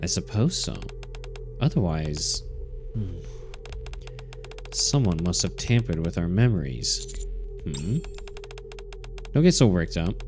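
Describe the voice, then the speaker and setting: Male streamer, low pitch, reads a story game aloud with blunt, cursing asides over faint music. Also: darkish tone. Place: home streaming setup.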